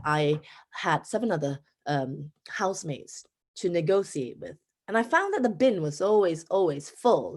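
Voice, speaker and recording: A Singaporean English teacher in her thirties gives a conference talk with a Singaporean accent. She tells it like an animated story, her pitch jumping around.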